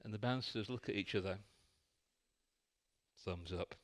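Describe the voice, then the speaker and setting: A man's voice: fairly low pitch, unhurried. A man preaching a sermon in a church, telling a light-hearted story.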